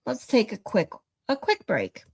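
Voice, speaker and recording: Lady streamer, bit high voice, just chatting and laughing along. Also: wildly swooping pitch, measured pace, creaky, a little mellow, husky. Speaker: streamer reacting to clips. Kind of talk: casual chat.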